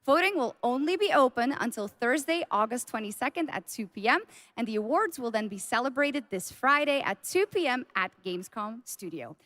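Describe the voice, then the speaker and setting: A woman reads scripted announcements with upbeat delivery. Her voice is high and the sound is dry and close. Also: expressive, brisk, a bit bright, dry recording. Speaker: show presenter.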